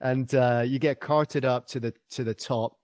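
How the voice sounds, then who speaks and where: A man's voice: mid-range voice, fairly even intonation, normal speed, a little mellow, dry recording. A man guest on a podcast interview, telling a travel story in an enthusiastic, rambling way with many fillers and restarts.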